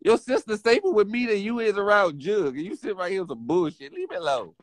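High, lively man mocking over a phone. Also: brisk. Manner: mocking, dismissive, laughs between jabs. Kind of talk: heated argument on a livestream.

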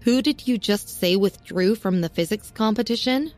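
A woman voicing a composed teenage girl who speaks calmly and seriously while holding back anger. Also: mid-range voice, normal speed, soft background music, lightly acted. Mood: cold. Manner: calm, serious, controlled. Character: cold composed teenage girl, quietly furious.

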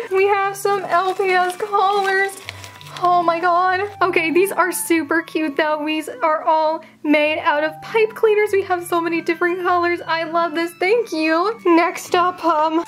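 A woman hosting a casual unboxing chat, bubbly and dramatic, often exclaiming as she opens fan mail. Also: very high-pitched. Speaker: toy collector channel host.

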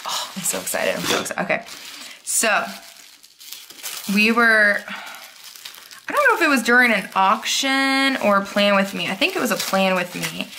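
A woman chatting through an unboxing haul, gushing and excitable, sometimes dropping to a whisper. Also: medium pitch, normal speed, vocal fry, pauses often, slight background noise. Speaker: planner vlogger. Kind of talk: casual unboxing chat.

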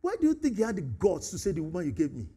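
A Nigerian man preaching a sermon, animated, acting out dialogues and slipping into Pidgin and Yoruba. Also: high voice, racing, slightly rough, shouting, some chatter behind. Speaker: pastor.

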